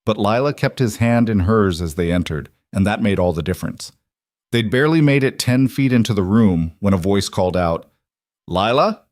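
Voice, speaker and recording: A man narrates a story in an even, measured voice, pitched on the low side. The recording is dry and close, with no room sound. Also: no room sound.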